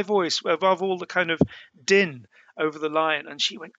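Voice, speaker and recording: A middle-aged man recalls his past journeys for an interviewer. His voice is bright and gravelly, with many fillers and restarts. The sound is close and dry. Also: sits high, moderate pace, no echo, muffled recording. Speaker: interview guest. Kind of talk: storytelling in a conversation.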